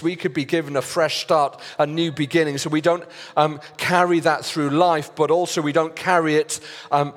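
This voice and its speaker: A man preaching a sermon as pastor, earnest and deliberate with pauses and fillers. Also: on the high side. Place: church hall. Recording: long reverb of a church hall.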